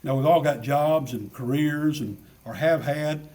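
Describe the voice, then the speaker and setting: A man's voice: a little high, measured pace, a little mellow, recorded from a distance. A man preaching a sermon in an earnest way, asking many rhetorical questions and repeating his key phrases.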